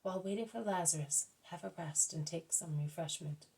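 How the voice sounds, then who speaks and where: A woman reading a soft-spoken hospitable woman. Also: fairly low pitch, moderate pace, slightly rough, rough recording. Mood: welcoming. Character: caring hospitable woman welcoming a guest.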